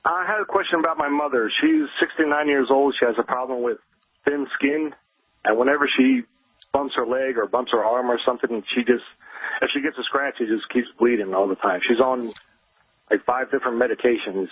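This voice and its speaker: An American man calling a radio show with a question, hesitant with many pauses, over a tinny phone line. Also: medium pitch, breathy edge, dry recording. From United States. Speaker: caller.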